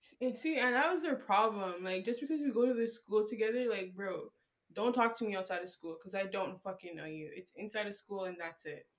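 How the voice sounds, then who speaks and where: A young woman, ranting loudly and profanely in casual chat with friends about her school days. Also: medium pitch, a little fast. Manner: loud, profane, emphatic ranting. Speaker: podcast co-host.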